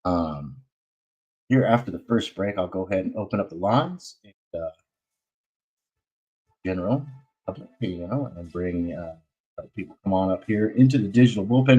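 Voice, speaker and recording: A man's voice: low voice, lively intonation, moderate pace, pauses often, darkish tone, lo-fi sound. A man hosting a comics talk stream in casual chat, rambling, loose and slangy, with many fillers.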